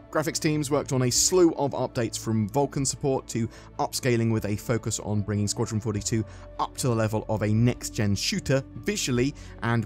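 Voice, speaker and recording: An English man hosting a gaming channel, giving a casual, chatty news update with an upbeat manner and quick exclamations. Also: a little mellow. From England. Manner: chatty and upbeat, tosses in "bam" and "boom".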